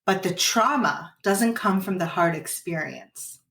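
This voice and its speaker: A woman's voice: on the low side, animated, measured pace, a bit bright. A woman coaching parents in a podcast conversation, explaining earnestly and acting out what a parent and child might say. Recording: roomy and distant from the mic.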